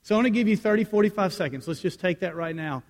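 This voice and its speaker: A male pastor with a fairly high voice delivers a storytelling sermon. He swings from raised, excited lines down to quiet, hushed asides. His voice rings with the long reverb of a church hall. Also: fast.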